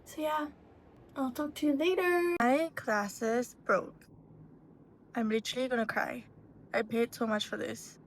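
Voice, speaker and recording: A young woman with a Malaysian English accent, talking to camera in a chatty, expressive vlog. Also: a little high, measured pace, pauses often. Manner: chatty and expressive, swings between mumbled and excited. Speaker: vlogger. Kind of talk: casual vlog talk to camera.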